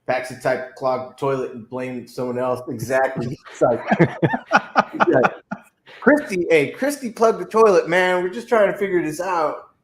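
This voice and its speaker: A man co-hosting a casual livestream chat, telling profane, animated stories and slipping into put-on voices. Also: fairly high pitch, moderate pace, roomy sound, slight background noise. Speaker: co-host.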